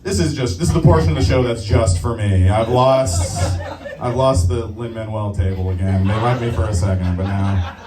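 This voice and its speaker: A man's voice: fairly low pitch, moderate pace. A man doing stand-up comedy on a club stage, joking at his own expense to the crowd. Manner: self-mocking, bouncing between his own voice and put-on voices. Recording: roomy live club sound from a distance.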